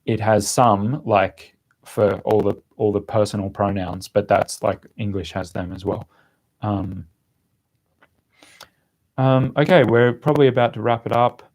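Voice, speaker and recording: A man's voice: lowish voice, unhurried, darkish tone. A young man hosting a casual live-stream chat, answering questions with lots of fillers and restarts. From Australia. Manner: rambling, many fillers and restarts. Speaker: language-learning channel host.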